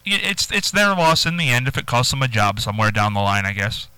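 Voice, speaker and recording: A man's voice: medium pitch, very animated, fast talker, bright, forceful tone, smooth, no echo, poor audio. A man hosting a call-in radio show, chatting in a rambling, emphatic way. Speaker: radio host.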